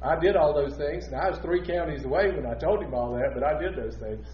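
A male pastor delivering a sermon, shifting between loud emphatic preaching and quiet, intimate asides. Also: fairly high pitch, a little fast, highs cut off, a little hiss or hum.

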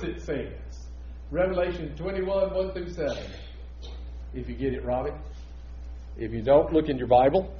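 A male pastor delivering a sermon, shifting between loud emphatic preaching and quiet, intimate asides. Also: fairly high pitch, moderate pace, long pauses, dull audio.

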